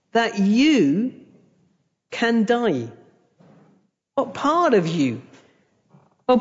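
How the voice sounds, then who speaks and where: A man preaching a sermon slowly and emphatically, with long pauses between phrases, recorded from a church live stream. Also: very high-pitched, darkish tone. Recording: dull live-stream audio in a reverberant church.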